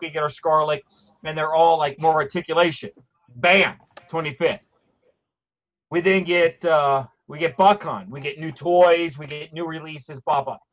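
A man chatting casually, joking and acting out characters as he talks. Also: a little high. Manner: animated, acts out characters, joking. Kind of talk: casual chat. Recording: dull lo-fi sound.

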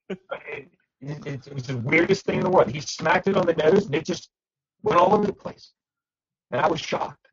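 A man on a podcast panel, telling casual stories with lively acted-out quotes. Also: on the high side, a little fast, breathy edge, highs cut off. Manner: animated storyteller, acts out quotes. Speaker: podcast panelist, toy dealer. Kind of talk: casual storytelling chat.

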